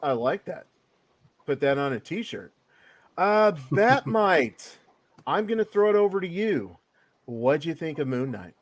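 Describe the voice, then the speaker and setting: A man's voice: on the high side, big pitch swings, a little slow, long pauses. Hyped man hosting a podcast. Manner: hyped, announcer-style introductions. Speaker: podcast host. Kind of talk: casual podcast chat.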